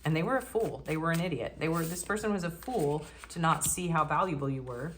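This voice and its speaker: A woman's voice: deep voice, fairly quick, a bit bright, slight background noise. A woman giving a casual pick-a-card tarot reading in a chatty, cheeky way that often breaks into laughter. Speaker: tarot reader.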